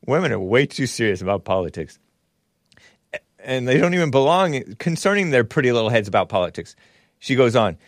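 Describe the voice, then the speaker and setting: A man's voice: fairly low pitch, animated, moderate pace, pauses often, no room sound, clean studio sound. A man hosting a talk show, giving casual, sarcastic commentary and laughing often as he mocks tweets.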